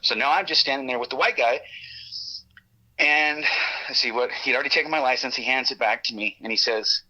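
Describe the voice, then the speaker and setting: A man telling a story as a guest, lively and profane, laughing often and acting out what the others said. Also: medium pitch, fairly quick, poor audio. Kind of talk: animated storytelling.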